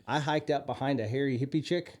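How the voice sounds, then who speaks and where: A man's voice: mid-range voice, fairly quick, a little mellow. A man co-hosting a podcast, telling a story in a rambling way with many fillers and restarts. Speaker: podcast co-host. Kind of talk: casual chat, storytelling.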